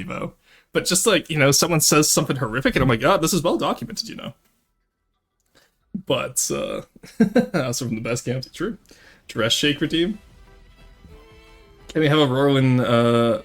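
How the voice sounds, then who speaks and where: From a second-floor room at home, a VTuber streamer chats casually with viewers, talking directly to chat while joking, teasing, and laughing often. The voice is mid-range with a fairly bright tone.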